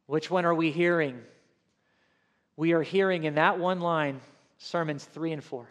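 Male pastor giving a Bible-study sermon, high-pitched, animated, punches key phrases and drops to soft asides. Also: long reverb tail. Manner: animated, swings from loud emphatic lines to soft asides. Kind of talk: expository sermon.

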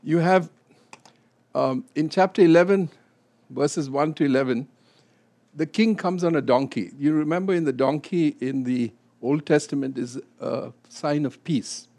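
A man leading a Bible study, explaining scripture and acting out quotes with a rising, animated voice. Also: a little high, a little slow.

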